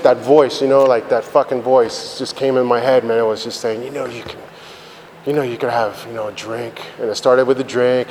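A man with a medium-pitched, darkish voice shares his recovery story as a blunt, profane personal testimony, rambling with lots of fillers. The recording has a reverberant hall sound with faint background noise.

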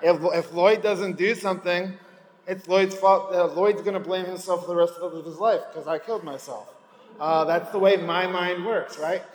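A man's voice: high-pitched, fairly even intonation, normal speed, roomy sound, long reverb tail, low-quality recording. A man speaking at a recovery meeting, giving a candid personal testimony and rambling between thoughts. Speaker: recovering alcoholic sharing at a meeting.

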